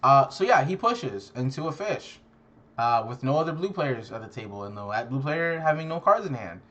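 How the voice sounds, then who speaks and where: Young man, casual recap, swears a lot, exasperated, self-mocking, mid-pitched voice, slightly muffled lo-fi sound. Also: expressive, moderate pace, a bit bright. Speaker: card game content creator.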